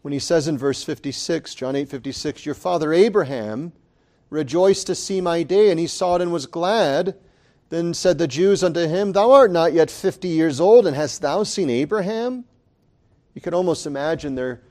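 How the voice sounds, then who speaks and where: A man preaching a sermon in a deliberate, emphatic way, leaning on key phrases and repeating them for weight. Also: fairly high pitch, warm tone.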